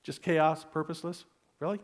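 A male pastor preaching a sermon, telling a personal story in an earnest voice that often drops to soft, hushed tones. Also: fairly high pitch, steady tone, fairly quick.

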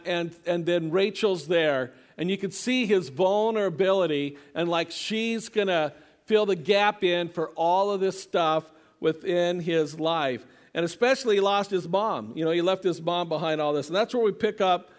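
Male pastor, high-pitched voice, casual sermon delivery with frequent restarts. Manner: conversational, repeats words and restarts often.

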